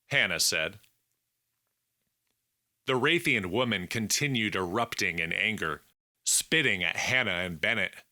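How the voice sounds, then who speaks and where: Male audiobook narrator, slow deliberate read, very bright tone. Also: fairly low pitch, lively intonation, no room sound, clean studio sound. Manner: measured, deliberate reading. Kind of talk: scripted narration.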